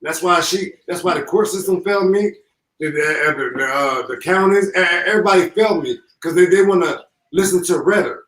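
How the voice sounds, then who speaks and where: A grieving father speaking through tears, halting and repeating himself with deep emotion. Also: a bit bright. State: holding back tears. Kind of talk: emotional live call-in. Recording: echoey call from far off.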